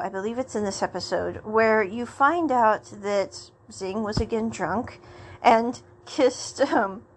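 A woman's voice: on the high side, a little hiss or hum. A woman hosting a casual chat show, rambling and laughing as she retells scenes. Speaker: podcast host.

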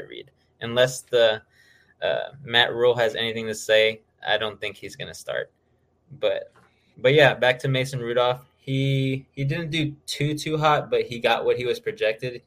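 A man's voice: medium pitch, a bit bright. A man co-hosting a podcast, casually talking through player stats with plenty of filler uhs. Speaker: podcast co-host. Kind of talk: casual fantasy football chat.

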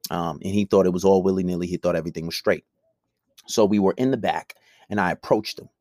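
A man's voice: deep voice, steady tone, fast talker, a little mellow, no room sound, studio quality. A young man, ranting bluntly and profanely in a heated podcast monologue. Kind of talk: monologue to camera.

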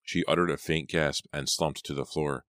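A man with an extremely deep, smooth voice narrates an audiobook. He reads dramatically and slows down and gets louder for the characters' lines. The sound is dry and close. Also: fairly even intonation, no room sound.

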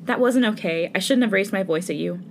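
A woman voicing a jealous, brooding young male CEO in a fanfic reading, speaking hoarsely. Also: mid-range voice, brisk, darkish tone, slight background noise, natural voice. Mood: remorseful.

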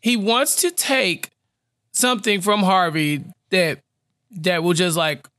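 A man co-hosting a podcast in casual recap chat, animated, often acting out characters' lines. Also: sits high, dry recording, studio quality. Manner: animated, acts out characters' lines in quick bursts. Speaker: podcast co-host.

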